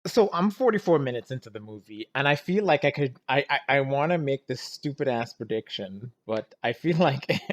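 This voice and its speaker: A man gives a casual running reaction to a film, rambling and exasperated. His voice sits at an ordinary middle pitch. He keeps breaking off to groan before getting back on track. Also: lively intonation, moderate pace. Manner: keeps restarting and saying "anyways, let's keep going". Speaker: movie reaction vlogger. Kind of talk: casual movie reaction commentary.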